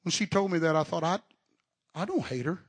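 A man preaching an impassioned revival sermon at a live church service. He builds to shouting and often stammers and repeats words. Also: on the high side, lively intonation, a little fast, breathy edge.

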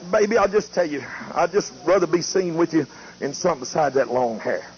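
A man's voice: fairly high pitch, a little fast, close to an everyday voice. A preacher putting on the voice of old Lot, a worldly patriarch coaxing his wife, with a folksy drawl and a wheedling, sweet-talking manner. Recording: muffled lo-fi tape with faint hiss.

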